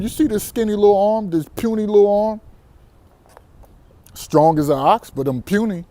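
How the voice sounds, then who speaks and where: Brash, boastful man with a mellow voice. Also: sits high. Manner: boastful, defiant, profane, laughs often. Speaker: vlogger on dating abroad. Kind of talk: brash monologue to camera.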